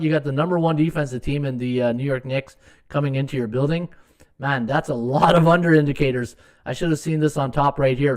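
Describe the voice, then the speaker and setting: Slightly higher-pitched male podcast host, rambling and chatty, full of fillers, mutters while checking stats. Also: a little mellow. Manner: rambling, thinks aloud with many fillers and restarts. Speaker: sports betting podcast host. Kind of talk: live-stream sports betting talk.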